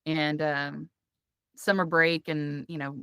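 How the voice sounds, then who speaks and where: A woman co-hosting a casual podcast from a clothes closet, chatty and quick to laugh. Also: low voice, little pitch movement, sharp tone, smooth, dry recording, clean studio sound. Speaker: podcast co-host. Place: walk-in closet among hanging clothes.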